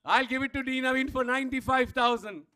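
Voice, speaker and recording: A man's voice: very high voice, steady tone. A man working as auctioneer at a live player auction, calling out bids again and again and pushing the room for more. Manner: rapid repetitive bid calling, rising to shouts. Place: event hall.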